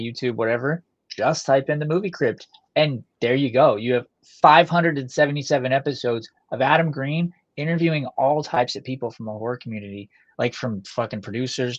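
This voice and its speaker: A man co-hosts a casual podcast, rambling in animated bursts and swearing freely. His voice sits at a middling pitch. The recording is dull and lo-fi, with a dry, close sound. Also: dry recording. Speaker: podcast co-host. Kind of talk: casual chat with heavy swearing.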